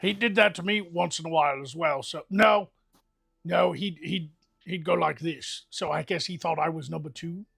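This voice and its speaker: A man's voice: fairly high pitch, moderate pace, gravelly, a bit bright, breathy edge, no room sound, studio quality, soft background music. A man rambling through crude, comic adventure stories in an improvised role-play livestream. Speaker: game master and player.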